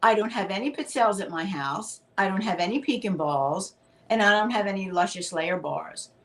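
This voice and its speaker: A woman's voice: mid-range voice, normal speed. A woman co-host chatting casually about baking in a home kitchen, practical and a bit rambling. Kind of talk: casual chat while baking.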